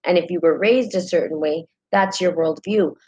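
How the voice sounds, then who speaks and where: Host, female, New Mexican accent, deep register, chatty live-stream talk that breaks off to greet viewers. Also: moderate pace, a little mellow, husky, rough recording. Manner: chatty, greets viewers mid-sentence, many ums. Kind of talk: casual live-stream talk and reading aloud.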